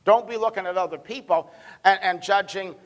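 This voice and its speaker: Man, pastor's sermon in a church, high-pitched voice, emphatic, dips from loud to hushed, repeats words. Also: brisk, long reverb tail. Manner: repeats words when building a point. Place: church sanctuary.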